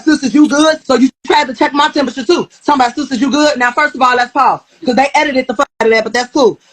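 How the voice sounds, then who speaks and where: A woman retelling a fight on a live stream, blunt and profane, quoting the back-and-forth with animated heat. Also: high voice, rough recording. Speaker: reality show cast member interviewed on a live stream. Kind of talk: heated storytelling on a live stream.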